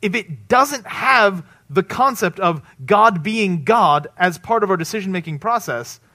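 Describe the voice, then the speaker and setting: A man preaching a sermon in a conversational way. He often asks "right?" and swings from loud emphasis to low, quiet lines. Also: lively intonation, measured pace. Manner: tags points with "right?". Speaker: pastor.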